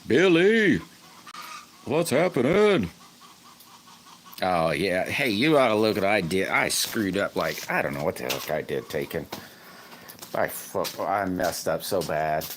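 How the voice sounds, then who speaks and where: A man's voice: low-pitched, normal speed, a bit bright, a little hiss or hum. A man hosting a casual livestream, greeting viewers by name and rambling through his workshop troubles. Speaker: livestream host. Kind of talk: casual live-stream chat.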